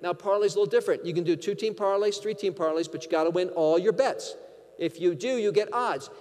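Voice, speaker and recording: A man from Connecticut giving a keynote speech, telling a lively anecdote and acting out the dialogue. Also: sits high, brisk. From Connecticut, USA. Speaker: keynote speaker. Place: large conference hall. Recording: long hall reverb.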